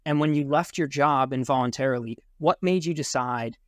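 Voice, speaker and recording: A man's voice: mid-range voice, moderate pace, no room sound, studio quality. A man hosting an interview, asking questions and giving short encouraging replies. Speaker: interviewer host.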